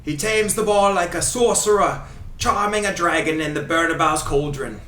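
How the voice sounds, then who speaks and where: A man's voice: a little high, steady tone, normal speed, pushed and bright. A man doing a fake Scottish accent as a flowery, over-the-top soccer commentator, with theatrical delivery. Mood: gushing. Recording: echoey room, mic at a distance.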